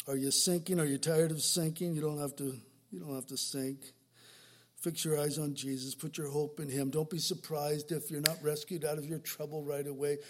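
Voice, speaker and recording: In a church sanctuary, a pastor in his sixties preaches a conversational sermon, putting rhetorical questions to the congregation. His voice is on the high side and a little mellow.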